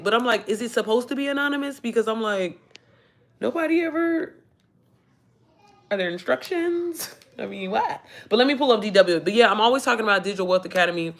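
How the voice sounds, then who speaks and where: A woman's voice: on the high side, brisk, gravelly, a bit bright. A woman, chatting in a rambling, emotional way on a livestream, swearing freely. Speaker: livestream host. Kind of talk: casual livestream chat.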